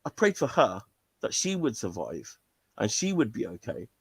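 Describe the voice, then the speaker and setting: A man voicing a stern older male teacher who speaks in a gruff, clipped way. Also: medium pitch, sing-song, normal speed, no room sound, voice pushed down.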